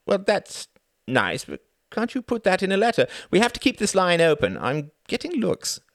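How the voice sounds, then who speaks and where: A man voicing an earnest, slightly naive gentleman who stammers and hesitates. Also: high voice, huge pitch swings, normal speed, no room sound, studio quality, voice pushed up, heavily acted.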